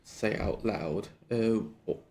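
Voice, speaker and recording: A man's voice: fairly low pitch, slow pace, gravelly, darkish tone. A man playing a tabletop game, questioning with stumbles and restarts. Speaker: player. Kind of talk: casual tabletop game play.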